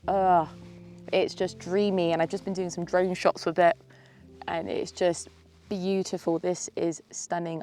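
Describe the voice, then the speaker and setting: A woman's voice: lowish voice, darkish tone. A woman in her thirties talking to camera outdoors on a mountaintop, tearful and sniffly, sighing and laughing between sentences. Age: 30s. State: teary with a snotty nose. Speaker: vlogger. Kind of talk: emotional casual vlog to camera.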